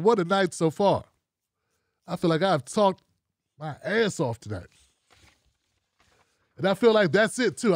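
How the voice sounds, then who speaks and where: A man with a high-pitched voice hosts his own talk show. He speaks bluntly and casually and swears freely. The sound is dry and close, with no room echo. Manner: blunt, profane and animated, talking straight at the audience. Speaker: show host.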